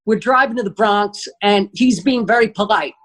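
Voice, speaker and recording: A man's voice: high-pitched, normal speed, low-quality recording. New guy on a podcast telling a wild story, swearing a lot, doing all the voices. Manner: animated, profane storyteller acting out quotes. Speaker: guest comedian. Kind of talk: comedic storytelling.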